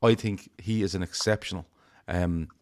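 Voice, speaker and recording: A man's voice: sits low, steady tone, moderate pace, darkish tone. A man giving blunt, emphatic opinions in a casual fan chat, swearing freely. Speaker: fan show panelist.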